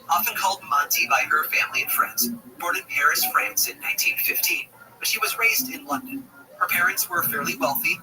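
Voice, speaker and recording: A man narrating a scripted story in a playful, expressive way. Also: a little high. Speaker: podcast narrator. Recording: distant broadcast sound with music underneath. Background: music.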